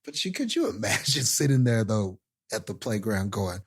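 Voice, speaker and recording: A man's voice: on the low side, very animated, normal speed, hardly any pauses, husky. A man co-hosting a movie podcast in casual chat, laughing and teasing his co-host. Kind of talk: casual late-night chat.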